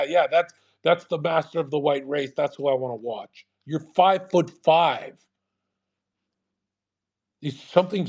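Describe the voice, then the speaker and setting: A man's voice: on the high side, a little mellow. A man ranting in a live audio chat, profane and aggressive, scornful, hammering the same point again and again. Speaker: online streamer.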